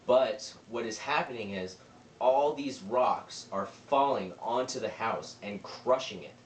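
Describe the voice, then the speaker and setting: A man's voice: medium pitch, a little slow, a little hiss or hum. A young man casually retelling a movie plot for a review, rambling through the scenes and quoting the characters. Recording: roomy, distant mic with faint ambience.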